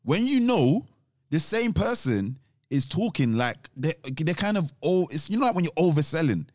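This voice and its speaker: Male, casual chat, slightly high voice, dry close mic, rambles, drops "th" to "t". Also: very animated, normal speed, darkish tone, dry recording. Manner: rambling, restarts sentences, says th as t.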